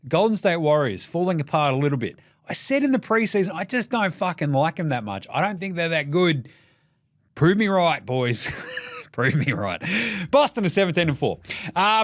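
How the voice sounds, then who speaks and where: An Australian man hosting a basketball podcast, riffing in a jokey, profane, rapid-fire way. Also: high voice, sing-song, a bit bright, no echo, clean studio sound. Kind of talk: casual solo commentary.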